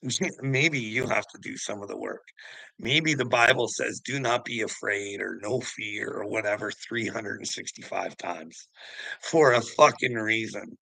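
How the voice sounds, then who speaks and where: A man's voice: on the low side, measured pace, creaky, pushed and bright, no echo, low-quality recording. A man ranting casually, swearing often and rambling between thoughts. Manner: profane, rambling, laughs often. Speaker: host.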